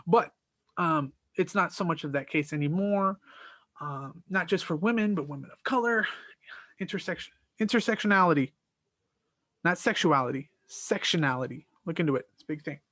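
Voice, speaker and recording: A man hosting his own podcast, telling the story of an argument in a casual, animated and exasperated way, acting out both sides of the dialogue. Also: a little high, normal speed, no room sound. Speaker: podcast host.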